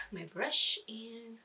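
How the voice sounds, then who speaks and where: A woman's voice: on the high side, distant mic. A woman giving a casual makeup tutorial, chatting, thinking aloud and poking fun at herself as she goes. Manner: chatty, self-deprecating, thinks aloud with fillers. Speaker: beauty vlogger.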